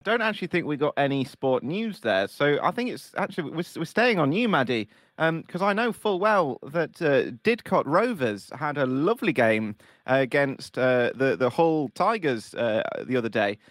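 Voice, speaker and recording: A man's voice: a little high, sing-song, moderate pace, fairly bright tone, no echo. A man playing a local radio news anchor in improv comedy, with an earnest, faux-formal newsreader delivery.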